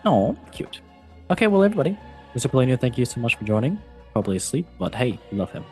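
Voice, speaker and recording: A man's voice: mid-range voice, very animated, fast talker, a little mellow, soft background music. A man hosting a casual football show and quiz, talking in a playful, self-mocking way with big swings in delivery. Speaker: show host and quizmaster. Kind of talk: casual online show chat.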